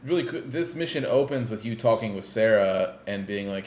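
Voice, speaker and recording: Give me a lowish man's voice chatting on a podcast in a lively way, recorded in a roomy space. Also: brisk, few pauses, slight background noise. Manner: lively, acting out dialogue with big swings in loudness. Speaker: podcast co-host. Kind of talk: casual chat.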